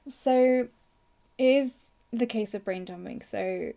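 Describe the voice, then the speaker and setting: Hoarse woman, gravelly and mellow. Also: on the high side, slow pace. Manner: rambling, chatty, many fillers. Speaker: podcast host. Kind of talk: casual live journaling session.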